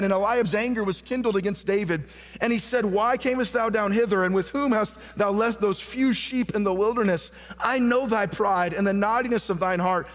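A male pastor preaching a sermon, reading scripture aloud and calling questions out to the congregation, building to fervent emphasis. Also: high voice. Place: church sanctuary. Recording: long hall reverb.

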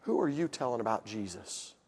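A man preaching a sermon, telling a family story and building to shouted emphasis. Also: medium pitch, expressive, fairly quick, husky, big-room sound. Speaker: pastor. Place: church hall.

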